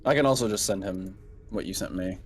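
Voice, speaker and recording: A man's voice: low voice, brisk, soft background music. A man playing a tabletop game, explaining how he set up an item in a casual, filler-heavy way. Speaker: player.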